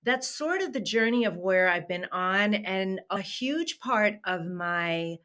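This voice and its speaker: A woman's voice: medium pitch, expressive, takes it slowly, fairly bright tone. Woman podcast guest, a coach, sharing her journey in an earnest, emphatic way. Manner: earnest and emphatic, with shifting pace. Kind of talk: personal storytelling interview.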